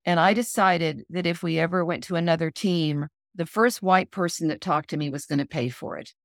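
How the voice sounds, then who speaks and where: Speaking fairly quickly in a lowish voice, a middle-aged author shares a personal story during an interview. She's an animated storyteller who performs the other people's lines and laughs. The sound is dry and studio quality.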